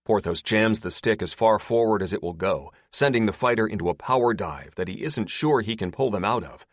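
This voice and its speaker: Low, lively male audiobook narrator. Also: a little fast, no room sound, clean studio sound. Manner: dramatic action narration. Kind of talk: scripted narration.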